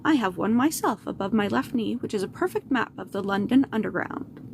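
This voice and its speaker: Woman reading old wizard headmaster, calm and measured, fry in the voice, noisy background. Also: mid-range voice.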